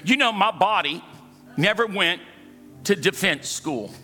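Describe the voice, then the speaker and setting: A man's voice: sits high, expressive, measured pace, bright, forceful tone. A man preaching a sermon in church, calling for responses from the congregation and telling humorous stories. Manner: calls for congregation responses, storytelling, humorous asides. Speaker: pastor. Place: church sanctuary. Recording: hall reverb with faint music.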